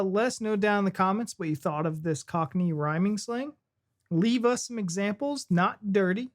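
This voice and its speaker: An American woman hosts a casual reaction video. Her voice is slightly low, and she chats in a bubbly way, often laughing. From United States. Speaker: reaction channel host.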